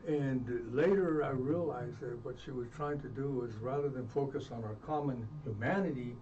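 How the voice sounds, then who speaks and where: A man being interviewed, telling earnest personal stories in a halting way with many restarts. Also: mid-range voice, darkish tone. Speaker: interview guest. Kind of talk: reflective storytelling. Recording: distant muffled mic with faint noise.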